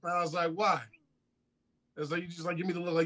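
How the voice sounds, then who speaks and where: A man with a slightly high voice tells a long, laughing story on a podcast. He swears freely and talks casually. He acts out the other people in his story as he goes. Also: level tone, fast talker, crowd noise. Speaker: podcast co-host.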